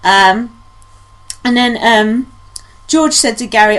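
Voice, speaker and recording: A woman co-hosting a podcast in casual chat, blunt and sweary with quick rants. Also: fairly high pitch, a bit bright. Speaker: podcast co-host.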